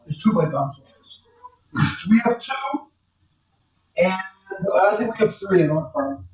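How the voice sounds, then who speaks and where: A man's voice: sits high, animated, unhurried, darkish tone, distant mic. A male accounting professor giving a blunt, conversational classroom lecture. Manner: blunt, conversational, acts out client quotes. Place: large echoey lecture hall. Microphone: far from the mic. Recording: echoey classroom recording from afar.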